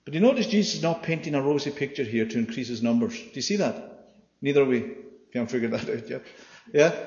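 A man preaching a sermon in an animated way, swinging from loud to hushed, acting out the quoted voices and asking the room "yeah?". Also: medium pitch, quick pace. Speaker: pastor. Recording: dull, echoey hall recording.

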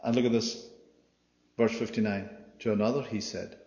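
A man's voice: on the low side, normal speed. Guy preaching, acts out the quotes, keeps asking yeah?, roomy hall echo. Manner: animated, swings from loud to hushed; plays out quoted voices, asks the room "yeah?". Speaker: pastor. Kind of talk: sermon. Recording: dull, echoey hall recording.

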